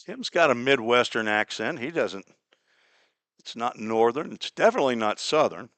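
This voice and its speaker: A man's voice: animated, normal speed, a bit bright, no room sound. Chatty, folksy male baseball announcer. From Cincinnati, Ohio. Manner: chatty, folksy, digresses into small talk between pitches. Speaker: play-by-play announcer. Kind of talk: live baseball radio commentary.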